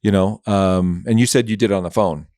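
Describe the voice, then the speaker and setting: Male host, forties, deep-ish and dry, easygoing conversational pace. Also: brisk, no room sound. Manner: relaxed, rambling, reacts with short agreements. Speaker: podcast host. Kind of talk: casual interview chat.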